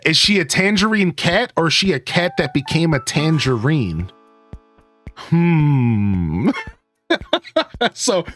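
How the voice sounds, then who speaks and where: A man streaming a video game, chatting casually and joking with his viewers. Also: on the high side. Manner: animated, jokey, talks to chat. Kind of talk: casual gaming chat.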